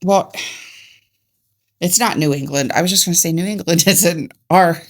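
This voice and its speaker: A woman's voice: lowish voice, normal speed. A woman from Ohio co-hosting a casual true crime podcast, laughing at her own mix-ups and then reading the case notes plainly. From Ohio, United States. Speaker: podcast co-host.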